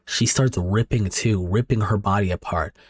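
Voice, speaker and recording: A man's voice: fairly low pitch, moderate pace, breathy edge, no echo, studio quality. Casual young man recapping horror manga. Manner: casual, reacting aloud.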